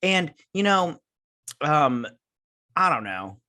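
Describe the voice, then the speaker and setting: A man's voice: a little high, very animated, takes it slowly, pushed and bright, no room sound, studio quality. A man hosting his own channel, reviewing a TV episode in a rambling, scatterbrained casual chat. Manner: rambling, scatterbrained, many restarts.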